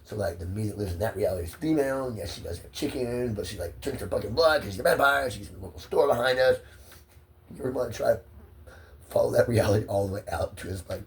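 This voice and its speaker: A man's voice: on the low side, quick pace, far from the mic, slight background noise. A stressed man rambling profanely into his phone, drifting from one idea to the next. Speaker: vlogger.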